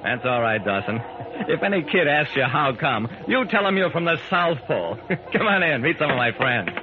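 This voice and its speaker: A man's voice: on the high side, very animated, moderate pace. An actor playing a wry private detective who narrates his own case, in 1940s radio acting style. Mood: jovial. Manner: dry, amused first-person narration. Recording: tinny old radio broadcast with hiss.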